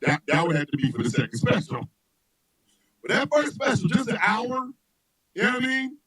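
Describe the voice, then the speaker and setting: This man hosts a radio show and spins rambling comic stories in a high voice that swoops up and down. He laughs a lot and shouts whenever a story peaks. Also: moderate pace, breathy edge, no echo, poor audio. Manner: loud, laughing, animated storyteller who shouts punchlines. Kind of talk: loose comedic chat with storytelling.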